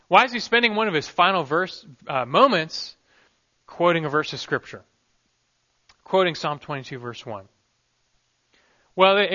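A man's voice: a little high, sharp tone, highs cut off. A man preaching a sermon as pastor, earnest and emphatic, his delivery rising and falling.

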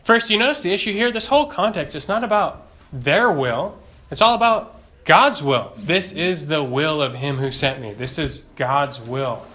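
A man's voice: on the high side, animated, normal speed, sharp tone. A man teaching a doctrinal Bible lesson, emphatic, asking rhetorical questions and repeating key phrases.

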